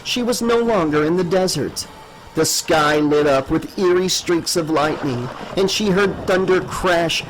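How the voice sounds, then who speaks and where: Male audiobook narrator, a bit high-voiced, measured and dramatic horror reading. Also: slight background noise, poor audio.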